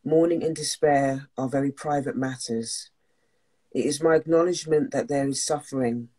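A woman's voice: a bass voice, normal speed, dark tone, husky. A woman hosting a talk, speaking openly and emotionally before reading a passage aloud. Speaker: host and wellness coach.

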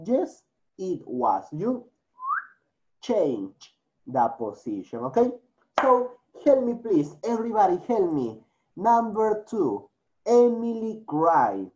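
A man's voice: sits high, sing-song, slow pace, a little mellow. A teacher with a Latin American Spanish accent, speaking English as a second language, coaxing his class through a grammar lesson, repeating answers and slipping into Spanish. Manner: repeats and coaxes students, mixes in Spanish. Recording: dull lo-fi recording.

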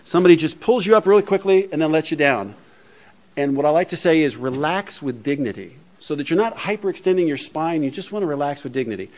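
A man speaking to a recovery meeting in a plainspoken, humorous, conversational way, often saying "you know". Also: fairly high pitch. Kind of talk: speech to a meeting. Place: meeting room before an audience.

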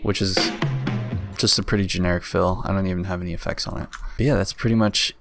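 This young beat producer talks fast in a deep voice with vocal fry and fairly even intonation. He rambles through a laid-back walkthrough of building his beat, full of filler words, while music sits faintly in the background.

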